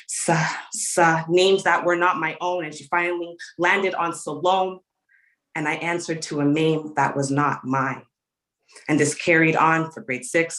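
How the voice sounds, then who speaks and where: A woman's voice: lowish voice, a bit bright, rough recording. A young adult woman from Canada performing a spoken word poem at an open mic, impassioned and rhythmic, with repeated phrases.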